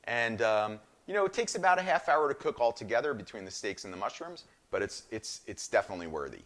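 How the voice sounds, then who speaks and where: A man's voice: medium pitch, sing-song, fast talker, fairly bright tone. A middle-aged man with a New Jersey accent, hosting a live cooking demonstration and chatting enthusiastically to viewers. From northern New Jersey. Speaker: chef hosting a cooking show.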